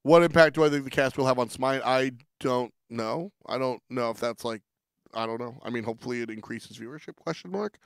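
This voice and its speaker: Casual stream host: a man with a gravelly, resonant voice, rambling and chatty, on a dry close mic. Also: medium pitch, fairly even intonation, fairly quick, no echo. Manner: rambling, restarts often, laughs between thoughts. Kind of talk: casual livestream chat.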